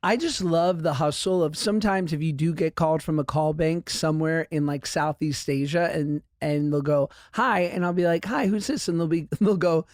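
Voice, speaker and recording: A man's voice: fairly high pitch, moderate pace, few pauses, a little mellow, no echo, studio quality. A man in his thirties hosting a podcast in casual chat, wry and joking, laughing often. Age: 30s. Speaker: podcast host.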